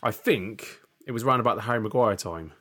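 A man's voice: fairly low pitch, quick pace, bright, forceful tone, no room sound, clean studio sound. A young man co-hosting a podcast, chatting casually about football, swearing freely and often asking "do you know what I mean.". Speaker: podcast co-host.

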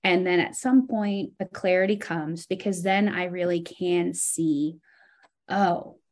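A woman talking as a podcast guest in casual chat, animated and expressive, her pitch swinging up when she recounts feelings. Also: slow.

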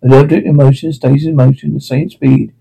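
A man voicing a grown-up genius who narrates his childhood in a wry, deadpan way. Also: mid-range voice, a little fast, gravelly, noisy background. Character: grown-up genius man looking back, dry and self-assured.

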